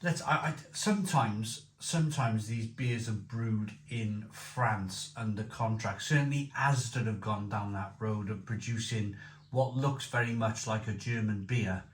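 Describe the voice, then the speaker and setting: A man's voice: on the low side, measured pace. A man reviewing a beer in casual chat, enthusiastic, repeating himself and rambling. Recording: echoey room with faint noise.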